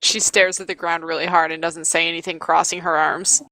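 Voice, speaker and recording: Brief: casual woman player, bright tone, dry recording. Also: lowish voice, fairly even intonation, brisk, no room sound. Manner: casual, giggly. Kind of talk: narrating a tabletop game.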